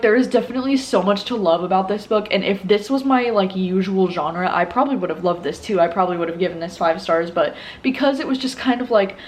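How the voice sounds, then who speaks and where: A woman's voice: medium pitch, slight background noise, poor audio. A young woman in her twenties chatting about books she has read, candid and open. Her talk is loose and full of "like" fillers. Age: 20s. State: tearful. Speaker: book vlogger. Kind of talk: casual vlog chat.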